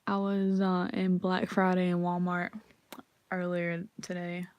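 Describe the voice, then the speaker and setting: A woman's voice: lowish voice, a little slow, no echo. A woman ranting casually to camera, swearing freely and acting out the people in her stories. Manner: profane, animated storytelling, acts out quotes. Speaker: vlogger.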